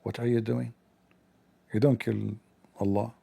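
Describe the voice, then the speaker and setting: A man hosting a livestream, talking in a sarcastic, mocking comedic monologue with a gravelly voice. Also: fairly low pitch, little pitch movement, measured pace, mellow. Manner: sarcastic, mocking, acts out dialogues. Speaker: livestream host.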